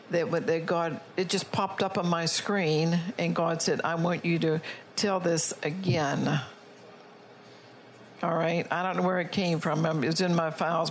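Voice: medium pitch, slight background noise, poor audio. A preacher delivering a sermon, reading prophecy and scripture aloud and checking in with the congregation. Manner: reads prophecy and scripture aloud, often checks in with "all right?".

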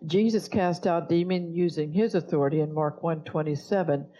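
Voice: medium pitch, moderate pace, mellow, highs cut off. A pastor preaching a sermon, blunt and scolding toward the congregation.

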